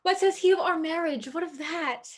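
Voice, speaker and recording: A woman's voice: extremely high pitch, normal speed. A woman playing an eager, impatient young girl in a video-call staged reading.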